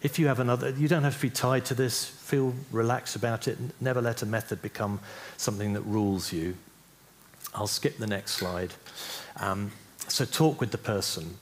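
A man's voice: on the low side, steady tone, normal speed, slight background noise. A man teaching a church group how to pray for healing, speaking conversationally and often checking in with "yeah?". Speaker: preacher teaching on healing prayer.

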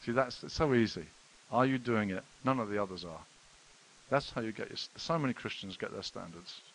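A middle-aged man preaching a sermon, telling stories with sudden loud exclamations and hushed, earnest passages. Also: fairly low pitch, brisk, vocal fry, poor audio. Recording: faint hiss.

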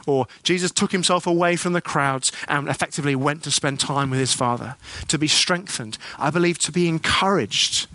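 A man's voice: on the high side, normal speed, hardly any pauses, sharp tone, no echo. A middle-aged man preaching a sermon in church, earnest and conversational, asking his listeners rhetorical questions.

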